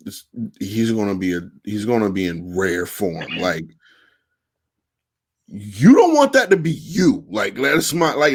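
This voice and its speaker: A man with a low, gravelly and husky voice trades casual sports talk. He talks emphatically, stumbling and repeating words as he gets going. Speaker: podcast co-host.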